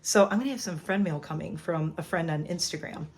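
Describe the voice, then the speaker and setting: A woman's voice: fairly low pitch, a little fast, a little mellow. Chatty, sentimental middle-aged woman vlogger. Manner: chatty and sentimental, laughing often. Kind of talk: casual chat to camera. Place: home kitchen. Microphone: phone camera.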